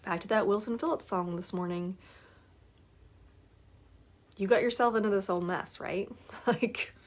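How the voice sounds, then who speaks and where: A woman in her forties talking casually to her viewers as a life coach. She is chatty and keeps asking for agreement as she goes. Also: lowish voice. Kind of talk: casual live talk to viewers.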